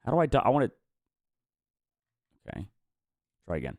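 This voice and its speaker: A man's voice: medium pitch, wildly swooping pitch, normal speed, darkish tone, no room sound, studio quality. A man hosting a live-stream watch party, chatting casually, swearing and reacting with frustration.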